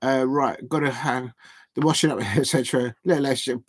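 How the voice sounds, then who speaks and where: A man streaming a live football watch-along from home, rambling casually with frequent fillers, false starts and shout-outs to viewers. His voice sits at an ordinary pitch and sounds close and dry, with no room around it. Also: fairly even intonation, moderate pace, breathy edge, no room sound. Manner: rambling, hesitant, many fillers and restarts. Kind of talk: casual live match commentary.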